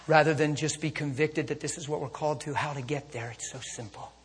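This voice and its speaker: A male preacher telling a story in a sermon to a congregation, moving between intimate hushes and fervent calls. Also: on the high side, fairly even intonation, fairly quick, slight background noise. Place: church service with a congregation. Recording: long hall reverb.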